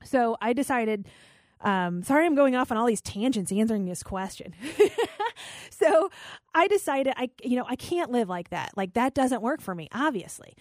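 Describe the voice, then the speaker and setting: A woman's voice: a little high, animated, moderate pace, a little mellow, dry recording, studio quality. A woman in her forties who works as a radio host, answering an interview question in a candid, rambling, self-deprecating way.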